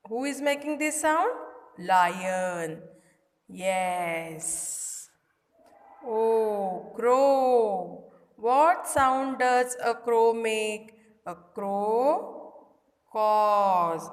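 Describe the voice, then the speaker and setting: A woman's voice: on the high side, lively intonation, drawn-out words. A woman teaching young children in a recorded lesson, using simple repeated phrases and imitating animal sounds. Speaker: kindergarten teacher. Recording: echoey room with long reverb.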